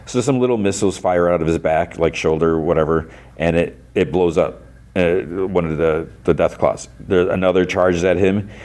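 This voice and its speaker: A man's voice: sits low, moderate pace, darkish tone. A man hosting a podcast, retelling an episode in a casual, rambling way full of "like" and restarts. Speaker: podcast host.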